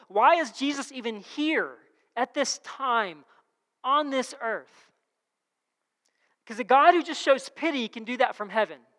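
A woman's voice: a little high, a bit bright, long reverb tail. A woman preaching a sermon in a conversational way, repeating key phrases and reading scripture aloud.

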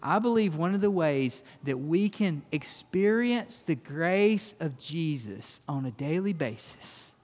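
A pastor giving a conversational sermon that turns emphatic, then closes in quiet prayer. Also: male voice, mid-range voice. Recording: long reverb of a church hall.

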